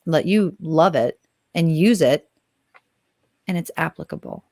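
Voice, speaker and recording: A woman with a slightly low voice co-hosts a casual astrology chat. She talks with lively enthusiasm and wanders off on tangents, and the recording is dry and close. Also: measured pace, pauses often, dry recording. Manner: animated, enthusiastic, rambling. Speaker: astrology podcast co-host.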